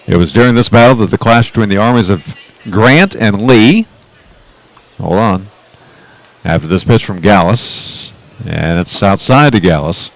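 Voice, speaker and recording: A man doing play-by-play radio commentary for a baseball game, chatting and reading trivia between pitches. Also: measured pace, rough recording. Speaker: play-by-play announcer.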